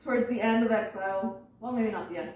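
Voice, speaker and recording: A woman's voice: mid-range voice, fast, darkish tone, highs cut off. A young woman giving a chatty, rambling presentation to her family, swearing and laughing as she explains. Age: young adult. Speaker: student presenter. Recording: very echoey room, far from mic.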